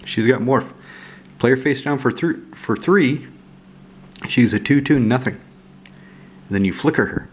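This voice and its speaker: A man casually walking through his card game deck, relaxed and rambling with frequent fillers. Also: mid-range voice, takes it slowly, long pauses, husky. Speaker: card game channel host.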